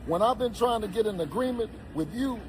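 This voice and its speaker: High-voiced boxer, pointed. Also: male voice, expressive, a little fast, slight background noise, rough recording.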